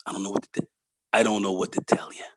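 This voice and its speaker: A man hosting a podcast who tells a story in a casual, animated way, repeating words and acting out the dialogue. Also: fairly low pitch, rapid-fire, dry recording. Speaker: podcast host.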